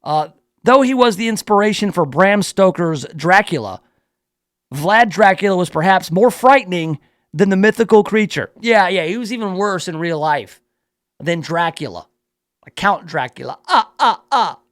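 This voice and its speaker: A man's voice: high voice, animated, moderate pace, fairly bright tone, no echo. A male radio talk show host reading a news story aloud in a playful, riffing way, drawing out words for emphasis in his studio.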